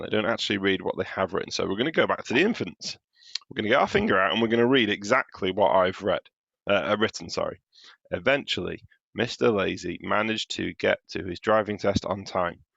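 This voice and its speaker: Deep gravelly-voiced male teacher. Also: lively intonation, fast talker, a bit bright, no echo, dull audio. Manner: patient, explains step by step while marking his own writing. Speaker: primary school teacher. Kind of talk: recorded home-learning lesson. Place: home.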